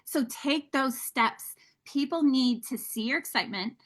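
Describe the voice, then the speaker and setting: A woman's voice: high-pitched, measured pace, fairly bright tone. A woman leading a motivational team training, talking energetically and candidly and calling her listeners guys. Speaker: sales team leader.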